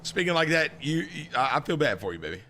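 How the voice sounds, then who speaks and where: Young man, brash streamer, lively swinging pitch, bright tone, live roleplay chat. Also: fast talker, a little hiss or hum. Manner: animated, brash, chatty with viewers. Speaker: roleplay streamer playing a marshal.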